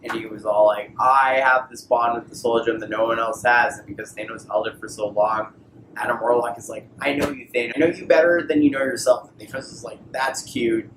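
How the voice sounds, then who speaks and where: A man's voice: mid-range voice, level tone. Tipsy guy rambling through a comic plot, lots of "like", roomy echo, noisy background. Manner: loose, slangy, full of "like", acts out characters with quick voices. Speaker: podcast co-host retelling a comic. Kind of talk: drunk rambling recap.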